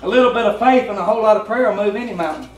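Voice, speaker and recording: A man's voice: sits high, racing. A man with a Southern US accent preaching a plainspoken, folksy, conversational sermon as pastor. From Tennessee. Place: church sanctuary. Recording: roomy church sound from a distant mic, faint hum.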